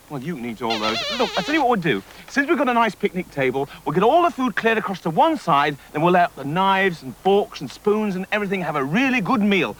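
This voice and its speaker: A man hosts a children's comedy, coaxing and chatting to his puppet pals. His pitch rises and falls in a lively way. A noisy background sits behind him. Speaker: host and puppeteer.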